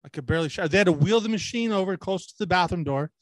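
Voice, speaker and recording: On a crude, casual podcast, a male co-host with a high-pitched voice races through rambling, profane stories, imitating the people he quotes. The recording is dry.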